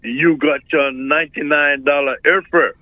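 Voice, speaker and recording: A man's voice: fairly high pitch, steady tone, moderate pace, no room sound, narrow, tinny audio. A man hosting a radio call-in show, chatting casually and agreeing with short interjections.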